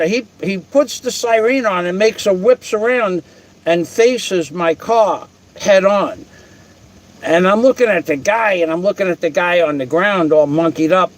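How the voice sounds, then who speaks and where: Blunt, cursing older man telling a story. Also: high voice. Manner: blunt, profane, rambling with restarts. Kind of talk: casual storytelling.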